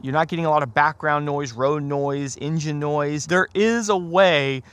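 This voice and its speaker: Chatty man with a bright voice. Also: fairly high pitch, normal speed, smooth. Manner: chatty, self-deprecating, rambling with fillers. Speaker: motovlog host. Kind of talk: casual gear review vlog. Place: on a motorcycle outdoors in rain and traffic. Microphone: helmet mic and small clip-on wireless mic. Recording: noisy outdoor ride audio. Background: wind and road noise.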